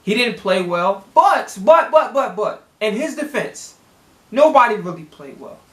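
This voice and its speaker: A man's voice: high-pitched, big pitch swings, a little slow, fairly bright tone, reverberant. A man from Chicago talking straight to camera in a blunt, profane sports rant, full of restarts and heat. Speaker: sports vlogger. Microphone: camera in a home setup.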